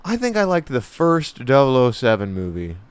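A sarcastic male podcast co-host trading jokes and swearing in casual banter. His voice is smooth and clear, recorded dry and close. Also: mid-range voice, wildly swooping pitch, normal speed, dry recording. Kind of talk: casual chat.

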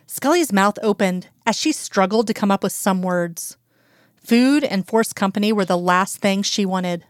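A woman narrating a fan fiction story aloud at an even, measured pace, recorded close to the mic. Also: medium pitch, no echo.

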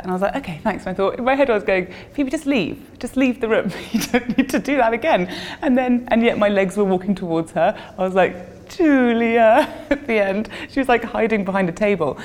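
A woman's voice: mid-range voice, a little mellow, long reverb tail. A woman telling an embarrassing story with giggles and self-mockery. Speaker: storyteller guest. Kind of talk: pre-recorded comic anecdote.

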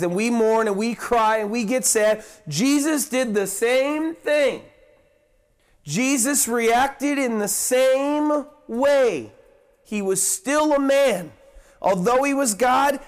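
High-voiced male preacher, emphatic lists. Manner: emphatic, repeats words in long lists; restarts and corrects himself. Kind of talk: sermon.

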